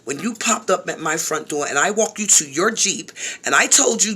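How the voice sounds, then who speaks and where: Woman vlogger, bright voice, animated, talks straight to viewers and repeats herself. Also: fairly low pitch, moderate pace, breathy edge. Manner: animated, repeats phrases, frequent asides to viewers. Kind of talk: casual storytelling vlog.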